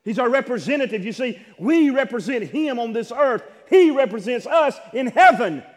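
A man preaching a sermon from a church pulpit, fervent, dropping to a hush and rising to shouts, repeating phrases and calling for amens. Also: very high voice, expressive, normal speed. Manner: fervent, swings from hushed to shouting. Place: church sanctuary. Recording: long hall reverb.

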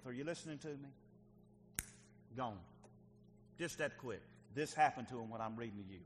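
A fairly high-voiced man preaches a sermon, pressing his points with loud emphasis and then dropping to a hushed, intense tone. He often repeats words as he drives each point home. The recording carries a long hall echo and a faint hum. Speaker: pastor.

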